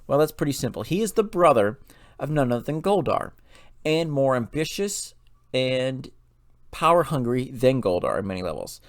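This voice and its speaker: A man's voice: mid-range voice, sing-song, moderate pace, no echo, studio quality. A man hosting a lore channel, retelling a story casually with loose fillers and restarts.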